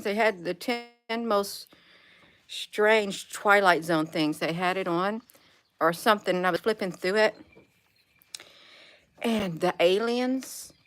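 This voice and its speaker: Speaking in a medium-pitched, fairly bright voice, a woman hosts a rambling, casual livestream outdoors in her yard. She says hello to viewers by name and wanders, often losing her train of thought.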